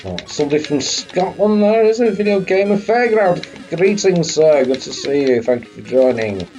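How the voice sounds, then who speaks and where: A man's voice: fairly high pitch, animated, moderate pace, music in the background. A man hosting a retro game live stream, chatting casually and swearing now and then. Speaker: streamer host.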